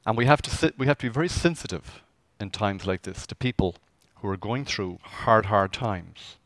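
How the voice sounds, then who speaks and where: A man's voice: lowish voice, expressive, normal speed, a bit bright, no room sound. A man preaching a conversational sermon as pastor, asking the congregation rhetorical questions.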